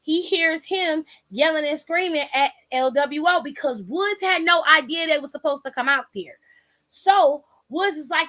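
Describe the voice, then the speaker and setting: Recapping a wrestling match on her podcast, a woman tosses in quoted dialogue and occasional swearing in a casual style. Her high voice is pushed and bright, and she keeps a measured pace.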